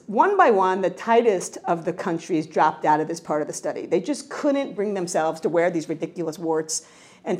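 A middle-aged woman from New York, a researcher answering interview questions in a lively, conversational way, often restarting her sentences. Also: on the low side. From New York, United States. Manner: animated, frequent self-corrections and restarts. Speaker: cultural psychology researcher.

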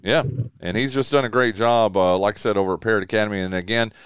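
A man's voice: lowish voice, fast, a bit bright. A man hosting a local sports radio show, chatting casually about game scores with lots of fillers and restarts.

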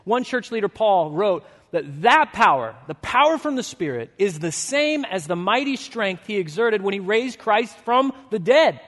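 Male pastor, 30s, high-pitched, storytelling sermon, swings between animated and hushed, big reverberant hall. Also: moderate pace, hardly any pauses.

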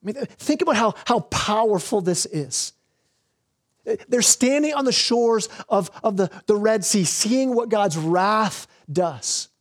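A man pastor preaching a sermon, earnest, slowing down on key words and often restarting phrases. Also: high voice, animated. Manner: earnest preaching with repeated restarts, slows for emphasis.

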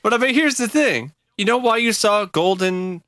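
A man co-hosting a casual podcast, ranting in animated, profane bursts. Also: high voice, normal speed, no room sound, clean studio sound. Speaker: podcast co-host. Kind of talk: casual chat.

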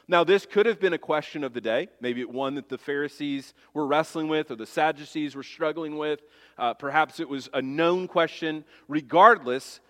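A man preaching from the pulpit, earnest and emphatic, often turning to his listeners with rhetorical questions. His voice sits a little high for a man. A long reverb trails each phrase, like a large sanctuary. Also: fairly bright tone. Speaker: pastor. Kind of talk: sermon.

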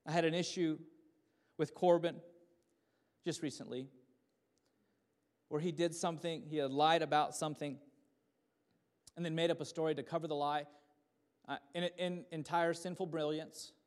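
A man in his thirties preaching a sermon at a church service, swinging between loud fervent passages and soft hushed ones. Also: on the high side, fairly even intonation, moderate pace, long pauses, clear, resonant tone. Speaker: pastor.

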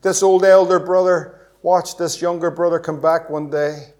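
A man's voice: on the high side, little pitch movement, moderate pace. Impassioned preacher man. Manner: impassioned, rhetorical questions, sudden swings between loud and hushed. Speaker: pastor. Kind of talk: evangelistic sermon.

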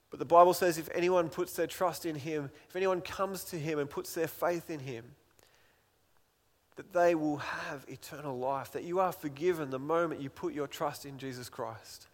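A man's voice: on the high side, big-room sound. A man preaching an Easter sermon as a pastor, earnest and pleading, acting out voices from the scripture he reads.

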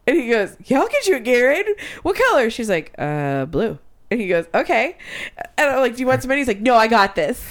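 A woman's voice: on the high side, sing-song, brisk. A woman in her thirties, co-hosting a podcast, telling a story in casual chat; she acts out the quotes, swears and laughs a lot. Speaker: podcast co-host.

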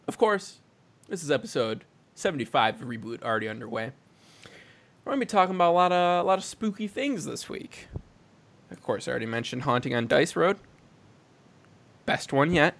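A man's voice: mid-range voice, animated, normal speed, creaky, long pauses, fairly bright tone. A young man co-hosting a podcast in casual chat, jokey and laughing often. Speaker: podcast co-host.

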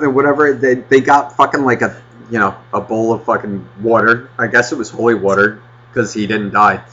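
A man casually telling a rambling childhood story on a podcast, swearing constantly and getting animated. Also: mid-range voice, brisk. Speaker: podcast host. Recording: dull lo-fi podcast audio.

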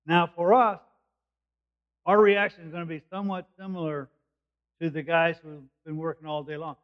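A man's voice: on the high side, level tone, normal speed, pauses often. A man preaching a sermon, explaining a passage verse by verse in plain, conversational words. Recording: dull lo-fi recording.

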